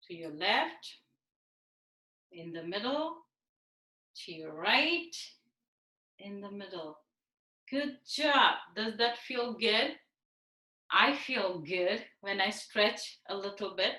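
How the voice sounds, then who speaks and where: A woman guides children through yoga over a video call, unhurried and encouraging. Her voice is high and bright, and her words come slowly. The sound is roomy and echoey. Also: far from the mic. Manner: patient, encouraging, slow and clear. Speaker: kids' yoga teacher. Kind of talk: online class instruction for children.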